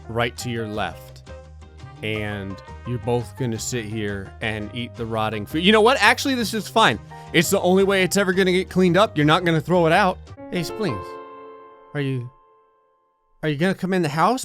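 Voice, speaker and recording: A man's voice: fairly high pitch, fairly bright tone. A young man giving comedic commentary over a life-simulation game, sarcastic and mocking, often slipping into little voices for the characters. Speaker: gaming YouTuber.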